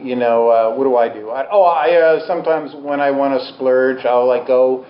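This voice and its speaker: A man's voice: mid-range voice, normal speed. Candid, self-mocking male Buddhist teacher. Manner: candid, self-deprecating, humorous. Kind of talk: dharma talk to a live audience. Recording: roomy, slightly dull talk recording.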